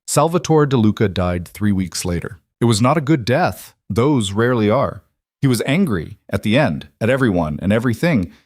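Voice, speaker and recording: A man narrates a story in a calm, even way, pacing short sentences with care. His voice is fairly low. The recording is close and dry, with no room sound. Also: no echo. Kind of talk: scripted audiobook narration.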